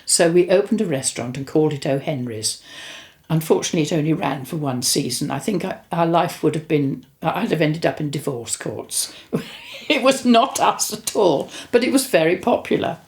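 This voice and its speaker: A woman's voice: deep voice, expressive, normal speed, darkish tone. An older woman with a chatty, rambling way of telling stories about her spiritual experiences, often correcting herself. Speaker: host recounting spiritual experiences. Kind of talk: casual storytelling and reading aloud.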